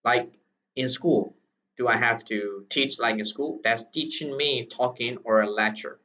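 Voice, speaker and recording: A man's voice: mid-range voice, a little slow, bright, forceful tone. A man voicing a shrewd older male boss patiently lecturing a boy. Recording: distant, dull lo-fi recording.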